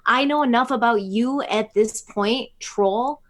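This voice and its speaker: A woman's voice: fairly high pitch, a little slow. Chatty woman reading a live chat. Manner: chatty, teasing, reads names from the chat. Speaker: co-host of a live stream. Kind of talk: casual live-stream chat, reading the chat aloud.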